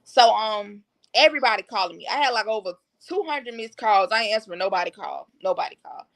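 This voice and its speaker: A woman talking as a podcast guest, telling her own story in a blunt, slangy, matter-of-fact way. Her voice has a gravelly edge and a bright, forceful tone, sitting at an average pitch. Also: lively intonation, brisk. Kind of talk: candid personal storytelling.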